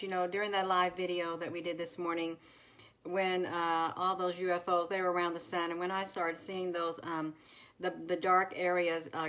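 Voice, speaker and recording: A woman's voice: on the low side, a bit bright. A woman hosting a casual live stream, greeting viewers one by one by name with many fillers. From United States. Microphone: phone.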